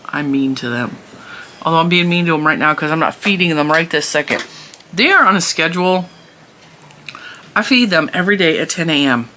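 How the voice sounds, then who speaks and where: A woman's voice: deep voice, brisk, sharp tone, a little hiss or hum. Chatty woman rambling at home. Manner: rambling, chatty, laughs often. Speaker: crochet channel host. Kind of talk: casual chat to camera. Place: home room.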